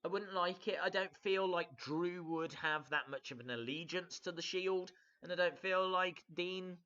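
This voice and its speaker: A man hosting a casual live reaction stream, his voice bright and forward but captured with a dull, lo-fi sound. He rambles along with plenty of ums and uhs, greeting viewers and answering their comments as he goes. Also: sits high, normal speed. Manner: rambling, hesitant, many fillers, reads out viewer comments.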